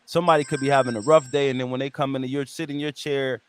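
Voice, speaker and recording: A man hosting an interview, asking long, rambling questions in an animated, slangy way. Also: mid-range voice, quick pace, a little hiss or hum. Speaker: podcast host, interviewer. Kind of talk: casual interview conversation.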